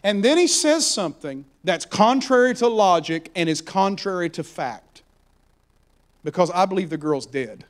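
High-voiced preacher man, dramatic sermon. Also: lively intonation, moderate pace. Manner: dramatic, swings from hushed whispers to loud exhortation.

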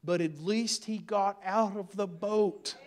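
A man's voice: sits high, slow. A man preaching a sermon as a pastor, in a folksy, humorous style with building fervor.

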